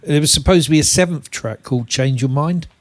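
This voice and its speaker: A man's voice: a little high, brisk. A man hosting a casual interview, mostly giving short agreements and brief prompting questions. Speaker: interviewer and host.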